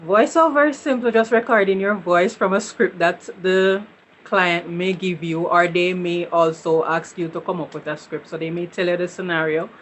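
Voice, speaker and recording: A woman's voice: on the low side, fairly even intonation, normal speed, a little hiss or hum. A Jamaican woman answering interview questions in an upbeat, encouraging way, laughing easily. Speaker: guest.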